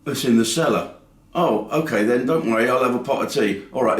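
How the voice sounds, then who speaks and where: A man's voice: medium pitch, normal speed, fairly bright tone. A middle-aged man from England telling a wry comic anecdote to camera, acting out the back-and-forth of the dialogue. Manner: wry storytelling with acted-out dialogue. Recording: echoey room.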